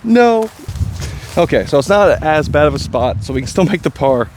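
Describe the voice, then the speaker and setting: A chatty, excitable man with a slightly high voice talks through his disc golf round in casual commentary, poking fun at himself. He is recorded outdoors on the course, with faint traffic and outdoor ambience behind him. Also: brisk. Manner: chatty, excitable, self-deprecating.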